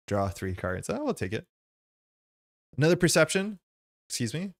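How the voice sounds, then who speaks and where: A man's voice: fairly high pitch, sing-song, moderate pace, pauses often. A man playing a card game on stream, thinking aloud as he explains the rules and his choices in a casual way.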